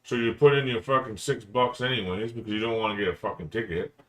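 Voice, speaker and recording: Laid-back, swearing Canadian man, lowish voice. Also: fairly even intonation, fast, a bit bright. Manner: laid-back, swears casually, agrees a lot. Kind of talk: casual chat.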